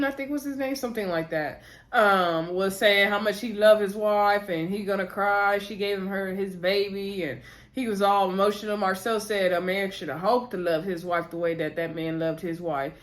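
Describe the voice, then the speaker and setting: A woman casually recapping a reality TV episode, chatting to viewers as "y'all" and retelling scenes through quoted lines. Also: mid-range voice. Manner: retells scenes by quoting cast members.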